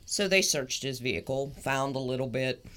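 A woman's voice: extremely low pitch, moderate pace, a bit bright. A woman co-hosting a podcast in casual chat, teasing and often laughing as she tells a story. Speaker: podcast co-host.

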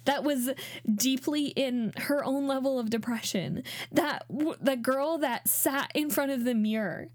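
Podcast host, Canadian woman in her late twenties, chatty and emotional, lots of "um" and "like", slightly high voice. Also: measured pace, no echo, studio quality. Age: late 20s. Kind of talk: personal storytelling.

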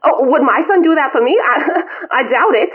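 A woman's voice: high voice, expressive, moderate pace, pitched above the performer's own voice. A woman voicing a guilt-tripping elderly mother calling her son, melodramatic and self-pitying, over a tinny phone line.

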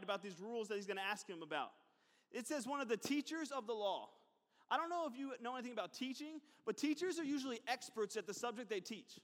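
A man with a very high voice delivers a sermon as a pastor. He keeps it conversational, with asides, repeated phrases and quick questions to the crowd. His voice rings out with a long reverb in a church hall. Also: fairly bright tone.

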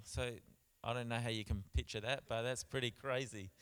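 A man preaching a sermon in church, stressing points with repeats and swinging between loud and soft. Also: mid-range voice, fairly even intonation, slow, long pauses. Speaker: pastor.

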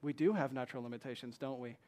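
A man preaching a sermon, slowing to read scripture and building to emphatic rhetorical questions. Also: medium pitch, darkish tone. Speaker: pastor.

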